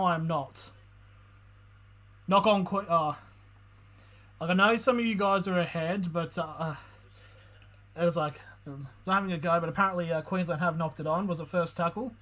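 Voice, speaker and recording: A high, bright-voiced man streams his live reactions to a football match. He swings between steady play-by-play calls and loud, profane outbursts. His tone stays excitable and unfiltered, like a fan talking straight to his viewers. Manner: excitable, swears a lot, shifts from calm calls to loud outbursts.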